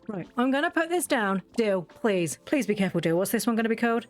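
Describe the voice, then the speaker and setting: Give me a chatty, teasing woman narrating her gameplay, with a high voice and faint music underneath. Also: big pitch swings, fast. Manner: chatty, teasing, scolds the game characters. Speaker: gaming video host. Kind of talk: casual let's-play chat.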